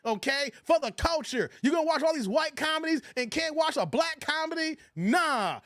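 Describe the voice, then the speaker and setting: Man, live stream host, high voice, dry close sound, animated with lots of laughing. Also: normal speed, few pauses, no echo. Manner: animated, laughing, quoting movie lines. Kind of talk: casual live stream chat.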